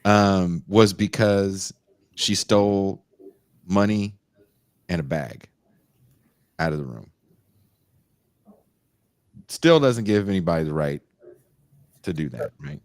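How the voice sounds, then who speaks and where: A man's voice: low-pitched, slow, pauses often, no room sound, studio quality. A man hosting a podcast in casual chat, laid-back and laughing easily. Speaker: podcast host.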